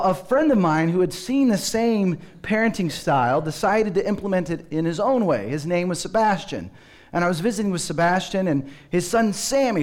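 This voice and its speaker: A man preaching a sermon as pastor, telling stories with humor and acting out children's voices. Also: sits high.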